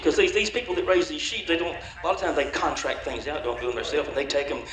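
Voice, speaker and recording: Male stage comic, rambling country drawl, low and relaxed, echoey hall. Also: fast talker, few pauses, a crowd in the background. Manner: drawling tongue-twister rambling, chuckling. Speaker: comedy show performer. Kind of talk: folksy comedy banter. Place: convention dinner show hall.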